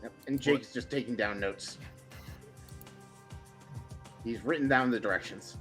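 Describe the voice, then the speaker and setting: A man's voice: medium pitch, unhurried, fairly bright tone, soft background music. A man playing a tabletop game, speaking politely and partly in character. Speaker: player.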